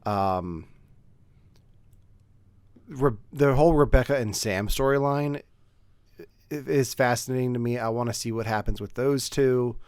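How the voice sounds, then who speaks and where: Man, podcast co-host, relaxed chat, filler-heavy, smooth voice, dead dry sound. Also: medium pitch, unhurried, pauses often, dry recording. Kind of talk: casual chat.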